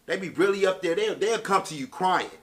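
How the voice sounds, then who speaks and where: A man's voice: sits high, fairly quick. A man telling a story to camera as a casual rant, with streetwise slang and emphatic delivery. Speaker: vlogger.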